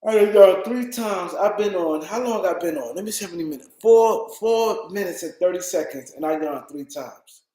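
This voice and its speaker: A man's voice: high voice, animated, a little fast, hardly any pauses, mellow, reverberant, low-quality recording. A tired man hosting a casual livestream, rambling and repeating himself as he talks to his chat. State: tired, yawning. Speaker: livestream host.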